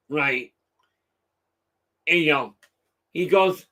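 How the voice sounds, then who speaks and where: A middle-aged man hosts a live stream, chatting casually with viewers and rambling through stories packed with fillers. His voice is on the high side, pushed and bright, and he takes his time with long pauses.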